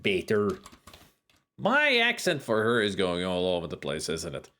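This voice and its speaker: Brief: casual male game streamer, lively pitch, self-mocking asides. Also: moderate pace. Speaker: streamer playing a video game. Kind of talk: casual game commentary and reading game text.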